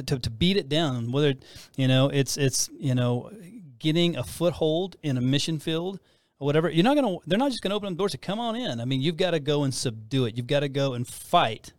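A man's voice: a little high, fairly quick, dry recording, studio quality. Rambling man hosting a faith talk show. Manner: rambling, with many restarts. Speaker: host.

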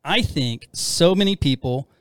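A man's voice: fairly high pitch, expressive, unhurried, clear, resonant tone, no echo, clean studio sound. A middle-aged man co-hosting a casual faith-based talk about marriage, rambling and self-deprecating with frequent restarts. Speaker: podcast co-host.

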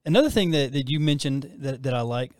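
A man hosts a casual faith talk show, and his talk rambles with frequent restarts. His voice sits at an average pitch. The recording is dry and close. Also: lively intonation, fast talker, a little mellow, no echo. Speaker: host.

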